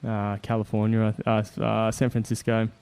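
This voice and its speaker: Lively Australian man with a mellow voice. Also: lowish voice, moderate pace, gravelly, clear, resonant tone. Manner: animated, laughs often, acts out quotes. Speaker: guest. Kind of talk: casual storytelling.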